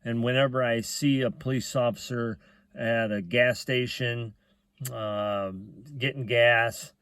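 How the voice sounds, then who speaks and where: A man's voice: mid-range voice, fairly even intonation, takes it slowly, a bit bright, smooth, no echo. Folksy middle-aged man telling a story. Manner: folksy, plainspoken, lots of "uh" fillers and restarts. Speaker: vlogger telling a personal story. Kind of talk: rambling casual storytelling.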